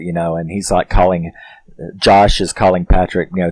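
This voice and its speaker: Male film reviewer, deep voice, chatty rambling recap with laughs, dry booth sound. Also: steady tone, normal speed, a little mellow, dry recording. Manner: rambling, loose, with frequent "you know" fillers; laughs often while retelling.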